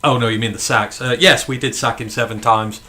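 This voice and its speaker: A man from the UK hosting a live fan watch-along stream, talking in an excited, emphatic way and swearing freely. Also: medium pitch, a little fast. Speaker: fan podcast host.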